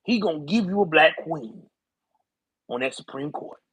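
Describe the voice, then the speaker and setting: A man putting on a gruff older male politician, bossy and commanding, in a folksy drawl. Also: a little high, lively intonation, moderate pace, fairly bright tone, no room sound.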